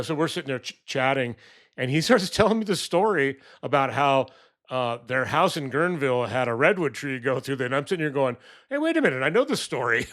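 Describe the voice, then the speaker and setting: A man speaks at an ordinary middle pitch in a loose, rambling monologue. He stops and restarts often, fills gaps with "uh" and "um", and briefly acts out the voices of people in his story. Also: a bit bright. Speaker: political commentary vlogger.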